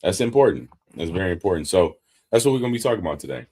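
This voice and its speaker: A man from Detroit co-hosting a relaxed podcast with his wife, easygoing and explaining things in long, loose runs. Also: deep voice, rapid-fire. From Detroit, Michigan. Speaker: podcast co-host. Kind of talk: casual chat.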